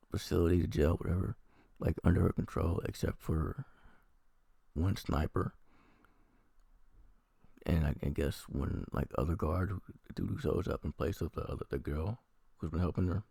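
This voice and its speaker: A man's voice: low voice, gravelly, warm tone, slightly rough, no echo, studio quality. A man from the American Midwest casually reviewing a TV episode while feeling unwell, rambling and sarcastic, with frequent swearing.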